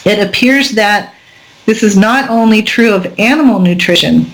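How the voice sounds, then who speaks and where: A woman's voice: mid-range voice, moderate pace, rough recording. A middle-aged woman hosting an internet radio talk show, reading an article aloud and breaking off into earnest, rambling asides. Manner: earnest, rambling asides between read passages.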